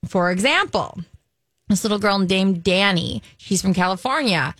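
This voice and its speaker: A woman's voice: medium pitch, expressive, moderate pace, a bit bright, no room sound. A woman co-hosting a radio show, chatty and playful as she shares light news items. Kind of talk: casual morning show banter.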